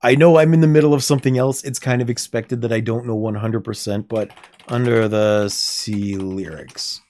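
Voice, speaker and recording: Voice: medium pitch, little pitch movement, fast, dark tone. A streamer chatting casually while playing a game, talking to themself and laughing often, with faint game music behind. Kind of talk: casual livestream chat while gaming.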